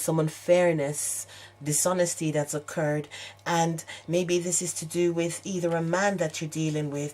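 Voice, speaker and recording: A woman with a low voice talks through a tarot reading without a script. She hesitates often, searches for words and restarts her sentences. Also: a little mellow. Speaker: tarot reader.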